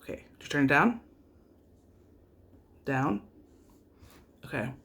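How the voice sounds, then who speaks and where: A woman's voice: low voice, expressive, slow, a bit bright, slightly rough. A woman vlogging about parenting, with a wry, self-deprecating storytelling manner. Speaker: vlogger and mother. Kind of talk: casual vlog storytelling.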